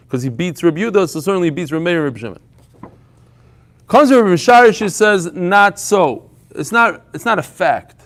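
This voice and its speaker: A man leading a live Talmud class before a small audience, telling stories in a lively way and mixing in Hebrew and Yiddish terms. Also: on the high side. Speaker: Talmud teacher.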